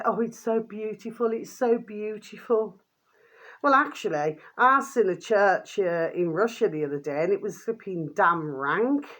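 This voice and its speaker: A woman's voice: medium pitch, fairly bright tone. An older woman vlogging in a rambling casual monologue, full of fond pet names, fillers and trailing restarts.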